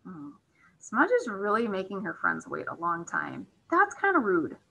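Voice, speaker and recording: A woman teacher reading a storybook aloud to young children, gently asking them questions about it. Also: mid-range voice, huge pitch swings, a little slow, vocal fry, slight background noise, rough recording.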